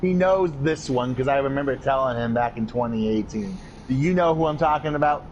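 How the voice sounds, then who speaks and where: Male podcast host, ranting and cursing through a story, mid-pitched, dull lo-fi audio with faint hiss. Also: brisk, darkish tone. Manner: profane, ranting delivery. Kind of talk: casual storytelling chat.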